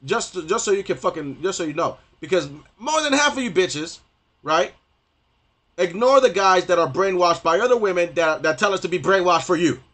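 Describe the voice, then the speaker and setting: A man's voice: sits high, expressive, normal speed, fairly bright tone. A young man ranting on a gaming stream, profane and rambling, stumbling over restarts and repeating himself.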